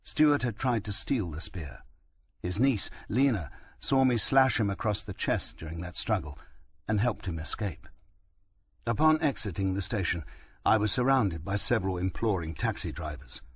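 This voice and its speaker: Male audiobook narrator, steady first-person read, dry and husky. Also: lowish voice, moderate pace, no room sound. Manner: steady, reflective storytelling.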